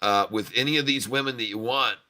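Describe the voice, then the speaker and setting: A man's voice: medium pitch, a little fast, bright, forceful tone, pitched below the performer's own voice. A man voicing an older woman who runs a brothel in a bawdy joke, talking in a coaxing, dealmaking way.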